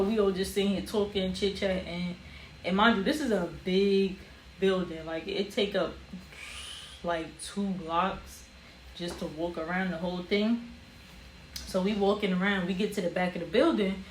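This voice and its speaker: A young woman tells a story to camera in a lively, casual way, full of slang and acted-out bits. Her voice sits in the middle of a woman's range. The room gives a roomy echo, with a faint hum of ambient noise underneath. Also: medium pitch, moderate pace. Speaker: vlogger. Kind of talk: storytime vlog.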